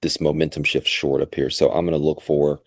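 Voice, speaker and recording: A man co-hosting a live trading show, giving steady market commentary. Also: rumbling low, a little fast, breathy edge, dry recording, studio quality.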